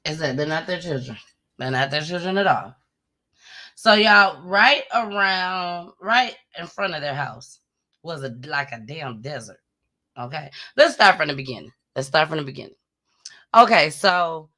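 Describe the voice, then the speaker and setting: Bright-voiced chatty woman host. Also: low voice. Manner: animated, chatty, emotional storyteller. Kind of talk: casual commentary.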